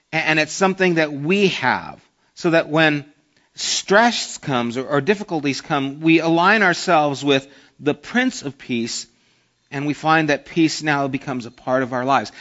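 A man's voice: fairly high pitch, fairly bright tone. Earnest male pastor preaching, muffled audio. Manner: earnest, conversational preaching with anecdotes. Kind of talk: sermon.

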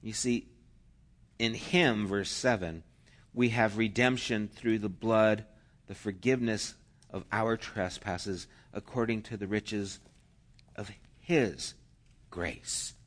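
A man preaching a sermon, slow and emphatic, rising into loud cheering bursts. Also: fairly low pitch. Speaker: pastor.

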